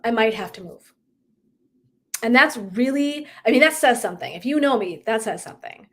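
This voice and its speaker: A woman's voice: on the high side, expressive, normal speed. Candid laughing middle-aged woman coach. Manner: candid, swears, laughs while talking, acts out her own thoughts. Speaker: wellness coach. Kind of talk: casual live stream monologue.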